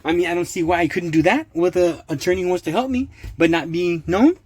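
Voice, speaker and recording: A man's voice: sits high, quick pace, a little mellow. A man hosting his own channel, reading court papers aloud in casual commentary, sarcastic and indignant, laughing often. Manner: indignant outbursts.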